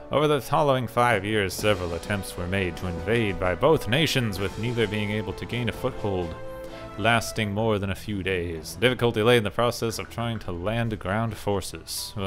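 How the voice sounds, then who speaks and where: Low-voiced guy doing a let's play, reads the story bits then cracks dry jokes, faint music behind. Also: fairly bright tone. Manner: wry, joking asides with sarcastic remarks. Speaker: gaming channel host. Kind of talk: casual let's play commentary, reading game text aloud.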